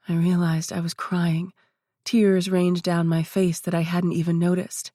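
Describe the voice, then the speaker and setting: A woman narrating a first-person audiobook in a steady, even reading voice. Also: lowish voice, a little slow, no echo, studio quality.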